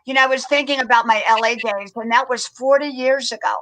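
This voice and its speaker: A woman's voice: fairly high pitch, steady tone, fast talker, a bit bright, poor audio. A woman in her fifties chatting on a live stream, curious and full of questions. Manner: curious, asks lots of questions. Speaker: stream guest. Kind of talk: casual chat.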